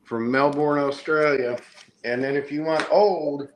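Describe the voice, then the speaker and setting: A man's voice: on the high side, fairly even intonation, a little slow. Rambling middle-aged man hosting a chat. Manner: rambling, enthusiastic show-and-tell. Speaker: podcast host. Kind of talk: casual chat showing comics.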